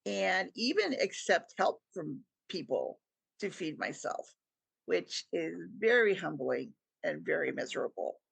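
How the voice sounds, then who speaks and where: A woman's voice: fairly low pitch, very animated, a little slow, creaky, slightly rough, no echo. A middle-aged woman, a podcast guest, telling a personal story with earnest feeling and acting out what people said. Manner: earnest storytelling, acts out quoted dialogue.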